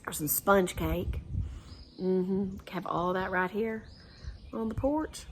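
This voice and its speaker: A woman's voice: mid-range voice, slow, slight background noise. A middle-aged woman with a Southern American accent from Atlanta, leading a guided laughter session in a chatty, folksy way, laughing often.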